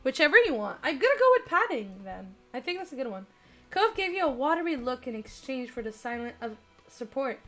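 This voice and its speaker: A young woman streaming, reading a dating game aloud and chatting with viewers, excitable with squealing laughs. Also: high-pitched, fairly quick, soft background music.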